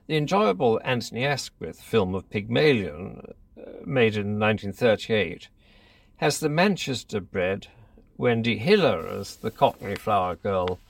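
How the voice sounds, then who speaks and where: A man, a columnist, reading his own essay aloud in a measured, deliberate manner. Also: lowish voice, lively intonation, vocal fry, distant mic.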